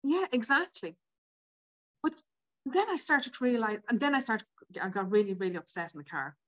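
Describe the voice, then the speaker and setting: A woman in her 50s, appearing as a podcast guest, tells her own story candidly and emotionally, tearful at times and full of "like" fillers. Her voice is fairly high, bright and animated at normal speed, though the audio sounds dull.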